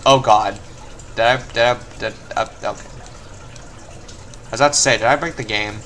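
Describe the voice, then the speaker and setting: A man's voice: medium pitch, fairly even intonation, normal speed, a little hiss or hum. A young man commenting on his own gameplay, muttering to himself and breaking into frustrated outbursts. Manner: frustrated, swings from mumbling to yelling. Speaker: gameplay video host. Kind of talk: let's play commentary.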